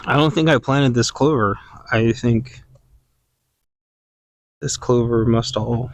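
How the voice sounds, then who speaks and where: A man rambling through a casual podcast while out working in his orchard. He talks slowly in a middle-pitched voice, musing and meandering and stopping to search for words. The sound is close and dry. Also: dry recording. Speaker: podcast host. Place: outdoors in a garden orchard.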